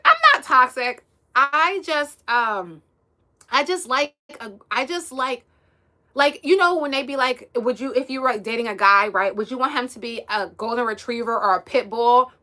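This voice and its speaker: A woman's voice: a little high, sharp tone. A young woman from the US East Coast hosting a casual livestream, chatting and giggling as she reads viewer comments aloud. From United States, East Coast. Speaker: livestream host.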